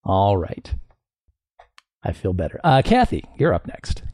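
A man's voice: sits low, huge pitch swings, unhurried, a little mellow, no echo, clean studio sound. Man hosting a comedy game show, playful, teasing, voice that leaps all over the place.

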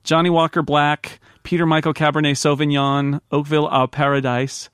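A man's voice: fairly high pitch, little pitch movement, normal speed, fairly bright tone, smooth, no echo, clean studio sound. A man co-hosting a casual podcast, chatty and laughing often as he reads listener mail. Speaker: podcast co-host.

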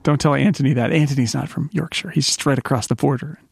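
A man's voice: medium pitch, fairly even intonation, quick pace, vocal fry, breathy edge, no room sound. A man hosting a podcast, talking enthusiastically in casual chat with frequent fillers. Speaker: podcast host.

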